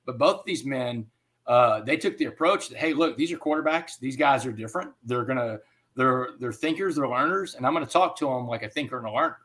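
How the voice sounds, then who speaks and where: A man giving an interview. He tells a personal story in an animated way and often says "man.". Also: mid-range voice, fairly quick. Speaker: interview guest.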